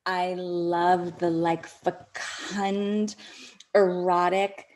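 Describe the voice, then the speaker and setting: Woman host, intimate confessional read: slow, breathy, near-whispered, chatty with a laugh in it. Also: on the low side, level tone, darkish tone. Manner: chatty, with many "like" fillers and frequent laughs. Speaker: podcast host. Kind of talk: intimate personal storytelling.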